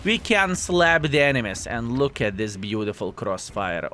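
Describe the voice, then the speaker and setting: A man commentating his own video game match to viewers, animated and self-mocking, calling them fellas, with slightly non-standard English phrasing. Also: mid-range voice, normal speed, slight background noise. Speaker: video game player and channel host. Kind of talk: live gameplay commentary.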